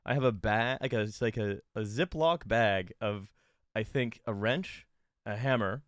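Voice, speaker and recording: A man from Canada, a comedy podcast co-host, telling a rambling story with halting restarts and frequent laughs. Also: lowish voice, no room sound, studio quality. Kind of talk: casual comedic chat.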